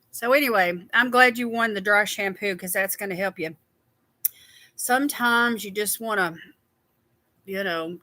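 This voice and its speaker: A woman's voice: medium pitch, sharp tone, no room sound. A woman hosting a casual skincare livestream, chatty and tired, greeting viewers by name.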